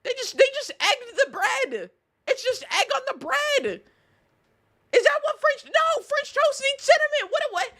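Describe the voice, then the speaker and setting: Animated high-voiced woman streamer. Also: measured pace. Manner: animated, outraged ranting with laughs. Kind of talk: casual live-stream chat.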